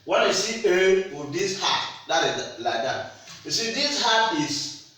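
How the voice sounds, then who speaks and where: A man teaching French pronunciation, repeating words slowly and asking his learners rhetorical questions. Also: high-pitched, sing-song, pushed and bright. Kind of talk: slow spoken language lesson. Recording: echoey room, far from mic.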